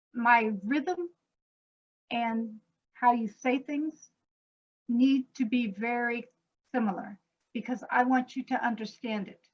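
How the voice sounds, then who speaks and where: A woman composer explaining her work in a panel talk over a video call, slowing down to spell out words as examples. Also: on the high side. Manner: illustrates points by speaking words slowly. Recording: dull lo-fi video call audio.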